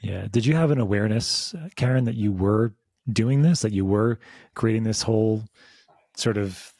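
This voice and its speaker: A man's voice: fairly low pitch, moderate pace, a little mellow, no echo, clean studio sound. A man hosting a podcast, asking a guest thoughtful, searching questions. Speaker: podcast host. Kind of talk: interview questions and backchannel.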